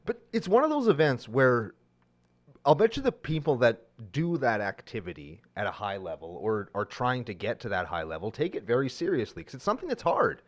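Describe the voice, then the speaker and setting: A man from Canada riffs at a studio table with his co-host, half ranting and half joking. His pitch swings up and down lively as he gets worked up. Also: brisk. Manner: animated, ranting, jokey. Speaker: podcast co-host. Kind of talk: casual podcast chat.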